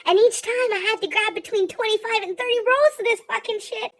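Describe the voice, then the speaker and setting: Young female vlogger, very high pitch, profane and exasperated storyteller. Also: fairly bright tone, poor audio. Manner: exasperated, profane, rapid rants. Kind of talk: comic storytelling.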